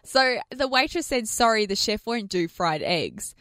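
A woman co-hosting breakfast radio, telling stories animatedly with quick asides. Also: mid-range voice, very animated, a bit bright, dry recording, clean studio sound. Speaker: radio co-host. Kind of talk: casual breakfast radio chat. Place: radio studio. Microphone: studio microphone.

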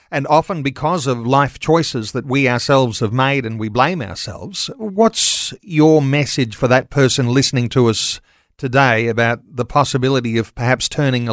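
A man interviewing a guest for a faith program, asking his questions in a measured, gentle way. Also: mid-range voice, no room sound, studio quality.

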